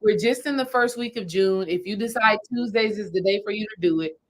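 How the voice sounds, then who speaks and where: A brisk, medium-pitched woman, working as a spiritual healing coach, leads a live audience through a meditation step by step. She speaks casually and repeats herself, on a rough recording.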